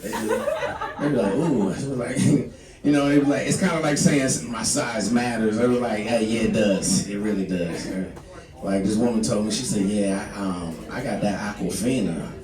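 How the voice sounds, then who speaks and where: A man's voice: on the low side, normal speed. Rambling male stand-up in a club. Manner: loose rambling delivery with many fillers. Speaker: stand-up comedian. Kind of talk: stand-up set. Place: small comedy club. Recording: echoey club, mic from far off, loud crowd. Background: audience laughter.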